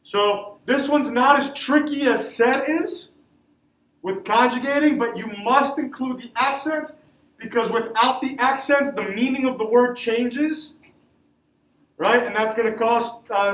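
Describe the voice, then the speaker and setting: A man with a very high voice teaches a class, tossing questions to the room and answering them himself. He sounds far from the microphone, and the classroom's echo hangs around his words. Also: a little slow, fairly bright tone. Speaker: Spanish teacher. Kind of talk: classroom lesson.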